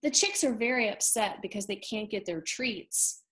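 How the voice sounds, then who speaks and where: A woman teacher leading an expressive, child-directed read-aloud lesson, pausing often to ask questions. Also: medium pitch, a little hiss or hum.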